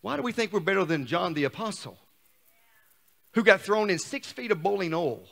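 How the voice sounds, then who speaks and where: A man in middle age preaching a sermon as pastor, shouting at times and dropping to a hush. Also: high-pitched, expressive, normal speed, creaky. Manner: shouts and swings between loud and hushed. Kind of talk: fiery sermon. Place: church sanctuary. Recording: long church reverb.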